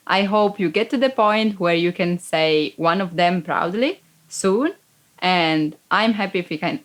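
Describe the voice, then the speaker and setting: A woman teacher giving friendly, encouraging advice in loose, chatty phrasing. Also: lowish voice. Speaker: language teacher. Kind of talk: casual lesson wrap-up.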